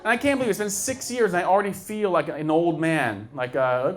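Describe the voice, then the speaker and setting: A man in his thirties doing a stand-up comedy set, deadpan with sudden loud bursts. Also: sits high, a little fast, hardly any pauses.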